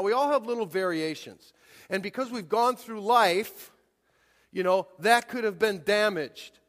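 A man in his forties preaching a sermon, emphatic and pushing hard on his key points. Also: high voice. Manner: emphatic, rising to near-shouts on key points. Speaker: pastor. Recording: long hall reverb.

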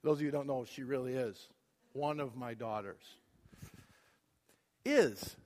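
A middle-aged man preaching a sermon in a church, swinging from loud emphatic declarations to quiet asides. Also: mid-range voice, a little slow. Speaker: pastor. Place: church sanctuary. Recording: long hall reverb.

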